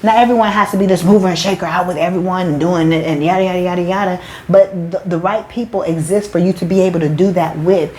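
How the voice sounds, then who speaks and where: A woman's voice: lowish voice, fairly even intonation, fast talker, hardly any pauses, warm tone, rough recording. Fiery, profane woman preaching motivation. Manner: emphatic and preachy, swears freely, calls listeners "baby"; casual slangy talk with many restarts. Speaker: motivational speaker and spiritual life coach. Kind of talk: motivational monologue to her followers.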